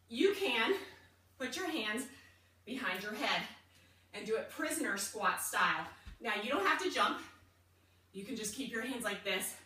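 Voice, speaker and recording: A woman's voice: on the high side, bright, forceful tone. A young woman coaching an at-home workout, upbeat and encouraging, out of breath as she exercises. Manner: upbeat, encouraging, chatty between moves. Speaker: fitness coach. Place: room at home, indoors. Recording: echoey room, far from the mic.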